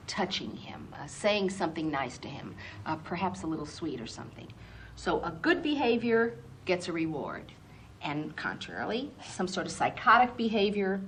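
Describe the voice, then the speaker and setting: Animated woman therapist praising and instructing. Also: sits low, slight background noise. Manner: encouraging, repeats short praise, many filler pauses. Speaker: psychologist running therapy sessions. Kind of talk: instructing parents and coaching a child in therapy.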